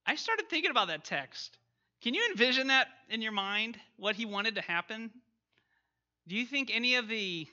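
A man's voice: high voice, sharp tone, lo-fi sound. A man teaching an interactive Bible lesson, questioning his class and reading scripture aloud.

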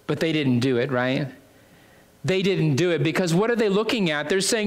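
A man preaching a casual, conversational sermon, stopping to rephrase himself and dropping in lots of fillers. His voice sits a little high for a man. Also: normal speed. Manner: conversational, full of fillers and restarts.

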